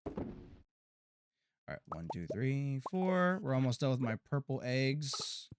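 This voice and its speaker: An American man streaming a farming game, chatting casually to his viewers and often stumbling over his words before breaking into excited outbursts. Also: mid-range voice, slow, noisy background. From United States. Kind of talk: casual gameplay commentary to chat.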